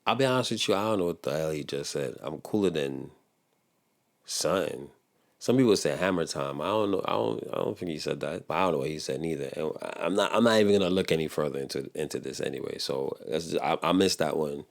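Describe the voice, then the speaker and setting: A man's voice: a bass voice, fast, creaky, hardly any pauses. A young American man hosting a reaction video, talking in a laid-back, rambling way full of slang and laughter. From United States. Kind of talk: casual commentary.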